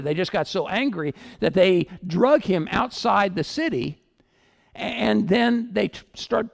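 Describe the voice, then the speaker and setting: A male pastor preaching a sermon, telling stories with animation and swinging from loud to hushed. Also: high-pitched, creaky. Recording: echoey hall with long reverb.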